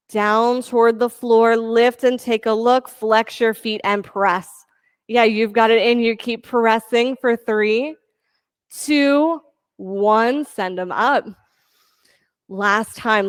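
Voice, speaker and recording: A woman teaching a yoga class, giving steady counting cues and encouraging her students. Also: a little high, slow pace, clean tone, no echo, clean studio sound. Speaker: yoga instructor. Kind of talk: leading a live yoga class.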